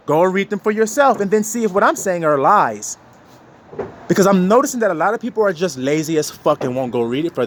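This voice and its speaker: A man's voice: high-pitched, a little hiss or hum. A man delivering a blunt, profane preachy monologue, rebuking his listeners and mocking them in put-on voices. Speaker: online preacher.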